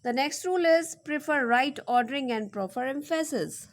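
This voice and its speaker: A woman giving a slow classroom lecture, reading out example sentences and repeating words one at a time as she dictates them. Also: high voice, expressive.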